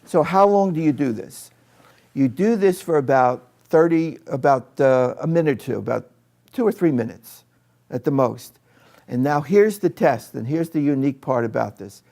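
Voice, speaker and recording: A man's voice: on the high side, lively intonation, moderate pace, vocal fry, mellow. A man training teachers in a live workshop, chatting with his audience and demonstrating with a volunteer in a training room.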